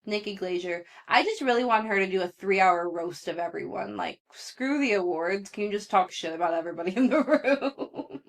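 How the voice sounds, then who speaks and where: A woman's voice: medium pitch, lively intonation, normal speed, hardly any pauses. A young woman hosting a solo pop culture podcast, chatting casually in a gossipy way, swearing and laughing often. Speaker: podcast host.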